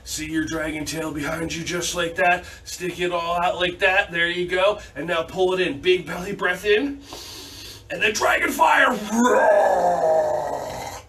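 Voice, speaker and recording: A man's voice: high-pitched, steady tone, moderate pace, hardly any pauses, bright, forceful tone. A man leading a children's yoga class, giving playful, upbeat instructions and making silly animal sounds, recorded on a distant camera mic. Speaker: kids' yoga teacher. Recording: distant mic, faint background noise.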